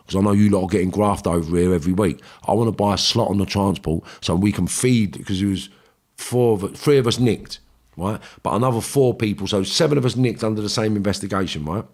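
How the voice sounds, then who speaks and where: Man, London accent, lowish voice, blunt storyteller, swears a lot, acts out dialogue. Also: brisk, a little mellow. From England. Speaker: podcast guest. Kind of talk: storytelling in casual chat.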